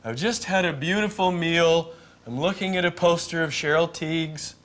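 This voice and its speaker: A man with a high voice runs a mock interview on a comedy morning show. He asks absurd questions in a playful, straight-faced way. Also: moderate pace, a bit bright. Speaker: co-host.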